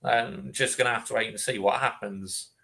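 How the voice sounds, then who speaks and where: Relaxed man with a bright, gravelly voice. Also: medium pitch, normal speed. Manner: laid-back, reads out chat messages. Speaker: reaction streamer. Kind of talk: casual reaction chat.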